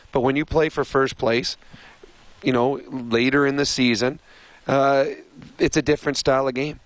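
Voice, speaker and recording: A man analysing hockey on a sports radio show, measured and explanatory, on a studio microphone. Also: mid-range voice, no echo, rough recording.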